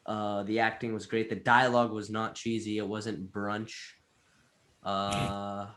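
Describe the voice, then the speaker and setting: A man co-hosting a casual movie review podcast, gushing and excitable, breaking into laughs. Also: fairly low pitch, a little slow. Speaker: podcast co-host.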